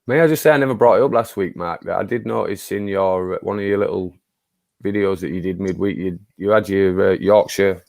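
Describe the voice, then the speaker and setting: Deep-voiced man hosting casually. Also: brisk, gravelly, darkish tone, no echo, studio quality. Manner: loose and rambling, with repeated words and stop-start phrasing. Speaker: host running the prediction round. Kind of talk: casual chat among football fans.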